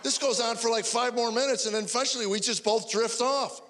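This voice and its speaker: A man in his sixties performing a fast stand-up routine, telling stories and acting out his wife's lines. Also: very high voice, steady tone, a bit bright. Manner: rapid-fire storytelling, mimics wife in dialogue. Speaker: stand-up comedian. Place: comedy stage before a live audience. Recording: crowd laughter and faint noise.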